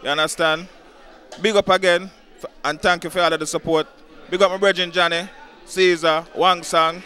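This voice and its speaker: A man with a Jamaican accent giving quick thank-yous and shout-outs in patois. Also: sits high, little pitch movement.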